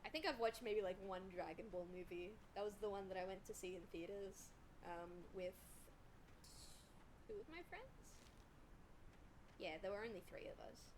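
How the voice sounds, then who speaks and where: A woman's voice: mid-range voice, expressive, moderate pace, background noise. A woman streaming a game, chatting casually with her chat and laughing often. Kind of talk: casual chat while gaming.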